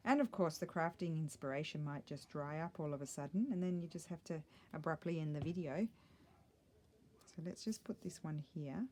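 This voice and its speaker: A middle-aged woman talks her viewers through a craft project in a relaxed, rambling way, often muttering to herself as she decides. Her voice is mellow and sits a little low. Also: normal speed. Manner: chatty, thinks aloud, muttering asides. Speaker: craft vlogger. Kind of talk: casual crafting chat.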